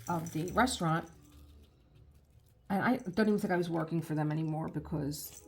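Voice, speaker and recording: A woman's voice: low-pitched, moderate pace, slightly rough, faint music behind. A woman hosting a crafting channel, telling a long rambling anecdote in casual chat with many restarts. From United States.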